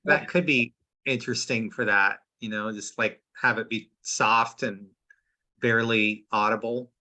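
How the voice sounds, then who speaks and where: A man's voice: on the low side, steady tone, unhurried, sharp tone. A man in a casual group meeting, chiming in with jokes. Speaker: group member.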